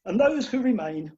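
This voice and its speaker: A woman's voice: fairly high pitch, warm tone, slightly rough, full character voice. A woman playing a fretful, fussing middle-aged father of the bride in a radio play recorded over a video call. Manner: fussing and exclaiming, theatrical. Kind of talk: Zoom radio play acting. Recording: muffled video-call audio.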